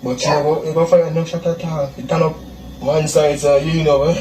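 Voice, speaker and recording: A young man with a Jamaican Patois accent, giving a halting, repetitive eyewitness account, recorded in a distant, echoey, noisy clip. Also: on the high side, flat delivery, a little mellow. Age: young adult. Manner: halting, repeats himself, acts out quotes. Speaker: witness interviewee.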